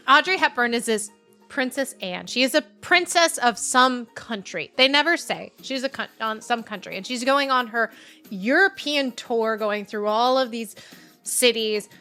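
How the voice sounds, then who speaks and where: A woman's voice: on the high side, sharp tone. A woman co-hosting a casual podcast who gushes about a film and acts out its scenes in quoted voices. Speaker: podcast co-host. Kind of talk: casual chat.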